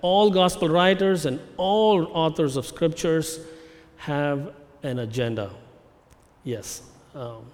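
Emphatic male preacher in a reverberant hall. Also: fairly high pitch. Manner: measured, emphatic preaching with slowed key phrases. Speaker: pastor. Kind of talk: expository sermon.

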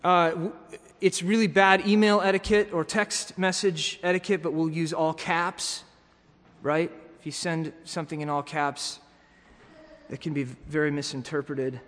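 A man's voice: a little high, fairly even intonation, normal speed, a bit bright. Man preaching a sermon in a hall. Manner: teaching, with frequent restarts and repeated words.

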